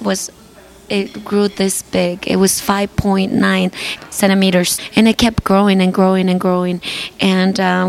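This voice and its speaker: A woman guest singer giving an earnest faith testimony, retelling scenes by quoting what people said. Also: mid-range voice. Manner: earnest storytelling, quoting dialogue.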